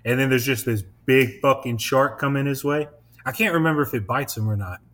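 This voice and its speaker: A man's voice: medium pitch, fairly quick, a bit bright. A young man hosting a podcast, chatting casually, rambling and laughing often, with lots of swearing. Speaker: podcast host. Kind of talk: casual chat.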